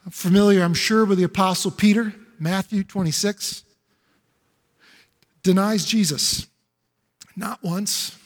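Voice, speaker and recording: Bright, high-voiced preacher in a reverberant hall. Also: male voice, breathy edge. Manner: emphatic, repetitive preaching with rhetorical questions. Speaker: pastor. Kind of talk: sermon. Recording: echoey hall with long reverb.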